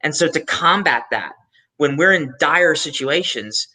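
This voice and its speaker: Guy on a video call, super bright tense voice, lots of ums and false starts. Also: on the high side, lively intonation, measured pace, low-quality recording. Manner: hesitant, many ums, restarts. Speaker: panelist. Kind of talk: casual chat.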